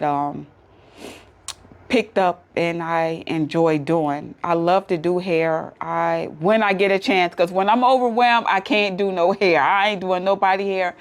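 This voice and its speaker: Chatty woman vlogger with AAVE. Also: medium pitch. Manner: chatty, emotional, laughs easily. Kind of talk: casual talk to camera.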